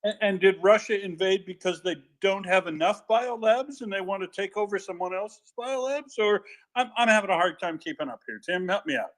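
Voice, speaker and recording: A man's voice: high-pitched, brisk, fairly bright tone. A man co-hosting a casual live audio chat, joking and playful. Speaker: co-host.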